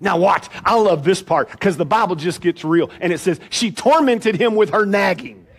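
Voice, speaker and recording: High-voiced pastor preaching. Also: male voice, normal speed, breathy edge. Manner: animated storytelling, acts out voices, jokes with congregation. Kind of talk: sermon. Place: church sanctuary.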